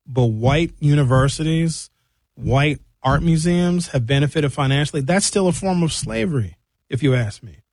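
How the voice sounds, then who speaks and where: A man talks through his notes in a casual monologue, his voice sitting a little high. He sounds indignant and animated, and he breaks in with jokey asides. The recording is dry and close, with no room sound. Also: normal speed, dry recording. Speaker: commentator.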